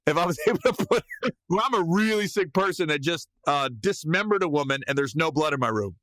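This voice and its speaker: Animated, bright-voiced male comic storyteller. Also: on the high side, brisk, dry recording. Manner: animated, bursts into loud yelled reenactments. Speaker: podcast host. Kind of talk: comedic storytelling.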